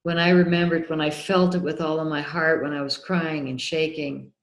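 A woman with a low voice tells a personal story with building excitement. She acts out the lines of people in it. The recording has a roomy echo. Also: normal speed, a little hiss or hum. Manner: excitable, acts out remembered dialogue. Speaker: guest, documentary filmmaker. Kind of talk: animated storytelling in an interview.

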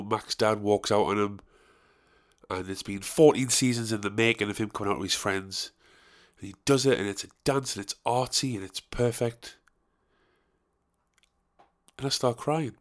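A man, talking alone in a rambling, chatty and self-mocking way with some swearing. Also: fairly low pitch. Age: 30s. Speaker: comedian and musician. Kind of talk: casual solo monologue.

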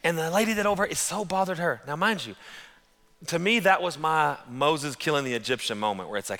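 A man preaching a sermon as pastor, telling stories in an animated, conversational way. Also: medium pitch, fast talker, big-room sound.

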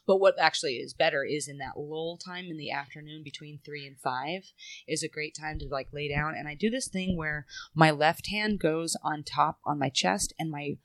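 A woman's voice: sits low, normal speed, no echo. A woman talking in a casual, reflective, rambling way as a guest, swearing now and then. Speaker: podcast guest. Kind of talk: casual chat.

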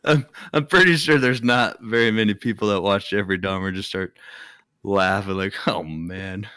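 A very low-voiced man with a bright, forceful tone, trading dry, crude teasing in casual podcast talk. The sound is dry, with no room echo. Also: steady tone, moderate pace, clear, resonant tone. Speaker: podcast co-host. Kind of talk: casual chat.

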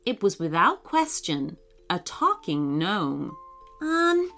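A woman's voice: medium pitch, big pitch swings, fairly bright tone, faint music behind. A woman reading a children's story aloud and putting on voices for the characters. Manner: reads slowly, puts on voices for characters.

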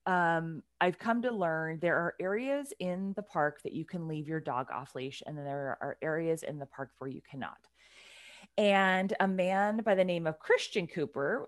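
A woman on a podcast telling a story in a casual, animated way, with her voice swinging from loud to hushed. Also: on the low side, dry recording, studio quality.

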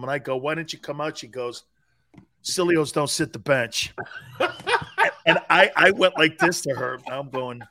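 A man co-hosting a sports talk show, telling stories animatedly and tossing in "man" and "dude" as he goes. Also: mid-range voice. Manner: animated storyteller, peppers speech with "man" and "dude". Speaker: sports radio co-host.

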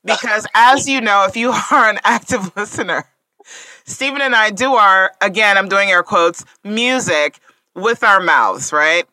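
Bright-voiced playful woman co-host. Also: mid-range voice, a little slow, no room sound, poor audio. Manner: playful, teasing, laughs often. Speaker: podcast co-host. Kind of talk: casual chat.

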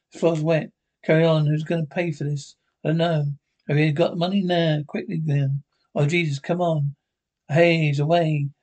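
Actors playing cheeky, bickering older Scottish pensioners in a broadcast sitcom, trading sweary banter. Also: male voice, a little high, darkish tone, lightly acted.

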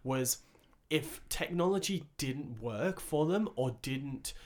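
A young man hosts a relaxed podcast conversation, recounting work stories with lots of energy. He curses freely and acts out the voices of the people in his stories. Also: mid-range voice, slow. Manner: animated storytelling, swears freely, acts out quoted voices. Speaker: podcast host. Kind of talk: casual podcast chat.

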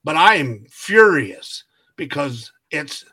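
Bright-voiced man telling a story. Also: on the high side, slow, breathy edge. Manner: animated storyteller acting out quoted dialogue, laughs often. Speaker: podcast co-host. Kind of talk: casual storytelling chat.

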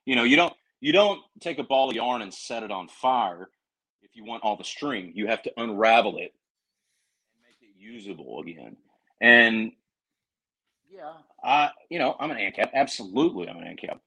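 A man's voice: mid-range voice, expressive, moderate pace, pushed and bright, slightly rough, low-quality recording. A man with a Southern accent, a podcast guest talking in an earnest, rambling way with many restarts. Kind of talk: casual podcast chat.

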